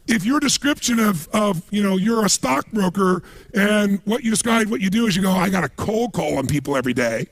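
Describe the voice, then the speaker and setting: A man giving a motivational seminar talk, telling stories in an animated, emphatic way. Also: high voice, gravelly, husky, dry recording. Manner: animated storytelling with emphatic asides. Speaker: motivational speaker.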